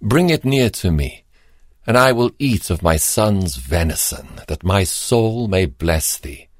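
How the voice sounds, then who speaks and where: A man voicing an old blind father near death, in a slow, solemn scripture-reading cadence. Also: low voice, animated, dry recording, studio quality, heavily acted.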